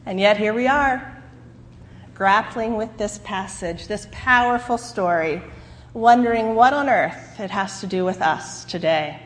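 A woman pastor preaching a sermon, telling a story in an earnest, measured way. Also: medium pitch, big-room sound.

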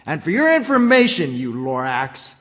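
A man's voice: medium pitch, big pitch swings, in a large hall. A man playing a boastful, regretful factory owner. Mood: angry. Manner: rhyming storybook narration, slow and dramatic. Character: greedy male factory owner, regretful storyteller.

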